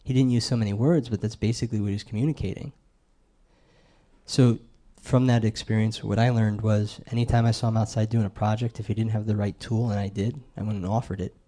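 Mellow-voiced man preaching a sermon. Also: lowish voice, little pitch movement, a little fast. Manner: conversational, asks the crowd questions.

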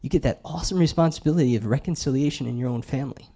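Mellow-voiced man preaching a sermon. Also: mid-range voice, racing, slightly rough. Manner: conversational, asks the crowd questions.

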